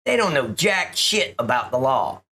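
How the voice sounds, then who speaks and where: A man's voice: mid-range voice, sing-song, moderate pace, noisy background. A middle-aged man reacting to a police video, indignant and sarcastic, swearing often. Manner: indignant, profane, sarcastic ranting. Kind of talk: reaction commentary.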